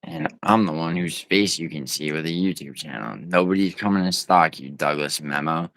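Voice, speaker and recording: A man's voice: rumbling low, moderate pace, fairly bright tone. A man livestreaming from home, rambling and teasing his viewers in profane, casual banter as he reads the chat. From United States.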